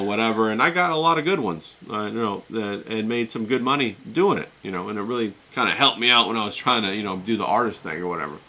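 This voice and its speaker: A man's voice: lowish voice, pushed and bright. A middle-aged man who talks in a chatty, rambling way, telling a story casually to his viewers with many fillers and restarts. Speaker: vlogger talking to his live chat.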